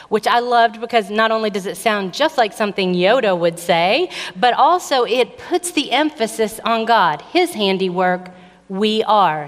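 A middle-aged woman preaching a sermon in church, teaching in a measured, emphatic way with playful self-deprecating asides. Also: mid-range voice, a bit bright, long reverb tail.

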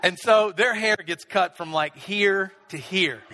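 A middle-aged pastor preaching with a high, bright voice that rings out in the long reverb of a big hall. He tells a self-deprecating story in a relaxed, chatty way. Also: a little slow. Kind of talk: storytelling sermon.

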